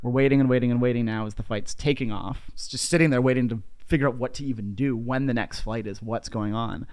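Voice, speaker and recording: A man's voice: mid-range voice, fast talker, clean tone. A man hosting a podcast, telling a long story in casual chat, rambling and filling nearly every phrase with "like". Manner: animated anecdote telling. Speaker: podcast host.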